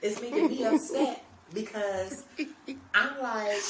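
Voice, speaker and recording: A woman co-hosting a podcast, telling a story in a relaxed, casual way and acting out the people in it. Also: low-pitched, moderate pace, a loud crowd. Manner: animated, acts out quoted people. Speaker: podcast co-host. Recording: roomy, distant mic with faint noise.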